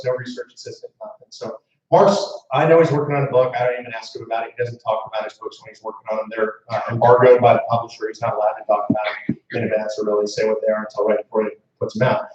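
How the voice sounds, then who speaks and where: A man's voice: medium pitch, steady tone, quick pace, a little mellow. Guy telling a story to a room full of people, chatty w lots of asides, muffled n far away. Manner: conversational anecdotes with restarts and asides to the crowd. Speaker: guest speaker, movement founder. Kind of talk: storytelling speech to a live audience. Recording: echoey room mic heard from afar, muffled.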